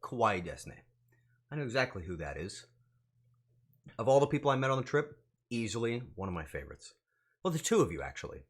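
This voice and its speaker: A man's voice: medium pitch, big pitch swings, fast talker, pauses often. A young adult man chatting casually on a livestream, joking in mock outrage and swearing freely. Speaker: streamer.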